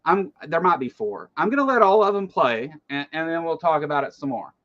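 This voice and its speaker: A man hosting a loose political commentary show, talking in a somewhat high voice. He rambles in an animated way, with plenty of fillers and swearing, and the recording sounds dull and lo-fi. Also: brisk.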